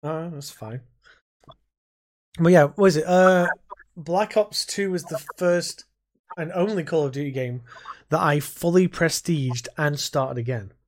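Here a man on the high side speaks unhurriedly, leaving long pauses. As co-host of a laid-back gaming podcast, he rambles through lively anecdotes packed with heavy swearing.

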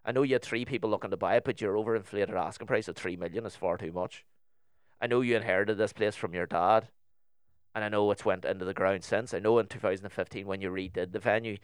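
A man's voice: sits low, clean tone, no echo, studio quality. A young man with a Northern Irish accent, telling a story in casual chat on a podcast and acting out both sides of the conversation.

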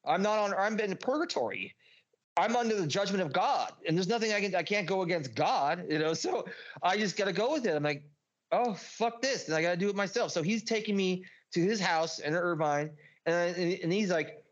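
A man's voice: sits high, animated, fairly quick, lo-fi sound. A man, a podcast guest, telling a rambling personal story, swearing freely and often restarting his sentences. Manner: profane, restless, restarts often.

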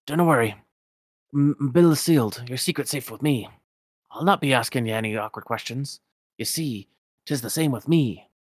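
A man's voice: mid-range voice, moderate pace, dry recording, studio quality, natural voice. A man voicing a stingy old Scottish cartoon duck millionaire, with a folksy brogue full of "ye" and "laddie". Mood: wheedling, chummy.

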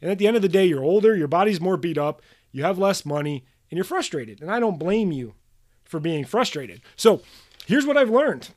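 A man with a slightly high voice delivers a solo podcast monologue. He is blunt and punchy, swears without a second thought and hammers points home by repeating them. He speaks like a coach pushing practitioners to do better. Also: expressive, fairly quick, a little mellow. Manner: emphatic, drills points with repetition. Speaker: podcast host coaching manual therapy practitioners.

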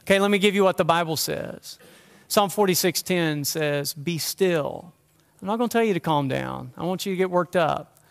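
A man's voice: high voice, brisk, vocal fry, smooth. A man preaching a sermon as pastor, earnest and conversational, asking the listeners rhetorical questions. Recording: long hall reverb.

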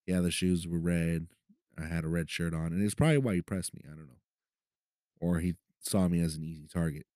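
A man's voice: deep voice, brisk, dark tone, no room sound, clean studio sound. A man hosting a podcast, telling a personal story in a profane, conversational way and often asking "right?". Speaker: podcast host. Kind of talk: casual storytelling. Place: city of Los Angeles.

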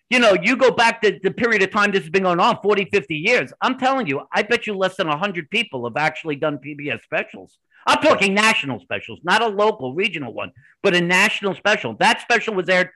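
A man being interviewed on a podcast, telling his stories animatedly in quick bursts with restarts. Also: high voice, bright, forceful tone, poor audio. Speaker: podcast guest. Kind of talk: conversational interview storytelling.

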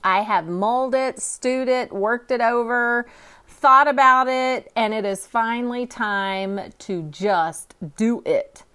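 A woman in her fifties from California talks straight to her listeners as host of her own podcast. Her voice sits slightly high for a woman, and she is bubbly and candid, poking fun at herself. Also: takes it slowly, sharp tone, smooth, soft background music. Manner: bubbly, candid and self-deprecating. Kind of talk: upbeat solo podcast monologue.

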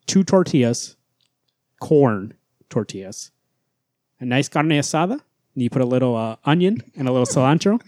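A man's voice: medium pitch, very animated, normal speed, pauses often, warm tone, no echo, studio quality. A man co-hosting a casual podcast chat, talking bluntly and emphatically with plenty of swearing. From Central or South America family roots. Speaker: podcast co-host.

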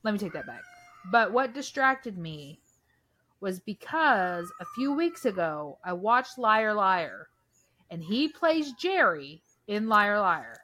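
A woman's voice: mid-range voice, big pitch swings, bright, forceful tone. Chatty woman co-hosting a podcast. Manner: chatty, rambling, quick to laugh along. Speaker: podcast co-host. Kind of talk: casual chat.

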